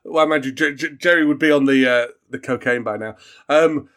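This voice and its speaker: A man's voice: mid-range voice, a little fast, fairly bright tone. A man from Australia, a board game designer, teasing and mock-indignant in casual podcast chat.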